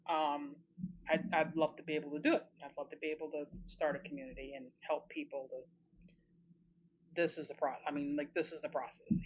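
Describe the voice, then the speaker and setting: Chatty woman narrating her drawing. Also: low-pitched. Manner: chatty, thinking aloud and self-encouraging. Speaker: art channel creator. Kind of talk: casual drawing commentary. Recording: slightly muffled with faint hiss.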